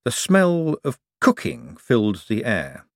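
Expressive male audiobook narrator. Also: medium pitch, slow, creaky, dry recording, studio quality. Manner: expressive, wry storytelling. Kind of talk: scripted narration.

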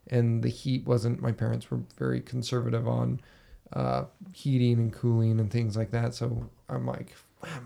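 A man hosts a podcast from a basement room, with a gravelly, mid-pitched voice. He tells his story casually and with energy, acting out his own reactions with swearing along the way. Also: warm tone. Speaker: podcast host.

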